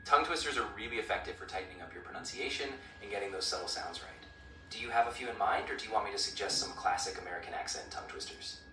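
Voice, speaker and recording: A synthetic male voice assistant coaching pronunciation in an upbeat, encouraging way with even-paced explanations. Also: fairly low pitch, fast. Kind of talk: friendly coaching chat. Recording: roomy, distant speaker playback with clear noise.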